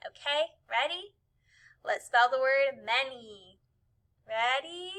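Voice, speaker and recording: Woman, teacher, slow, high voice, encouraging, breathless, children's lesson. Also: expressive, fairly bright tone. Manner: cheerful, encouraging, spells letters aloud while jumping. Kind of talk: energetic online spelling lesson for children.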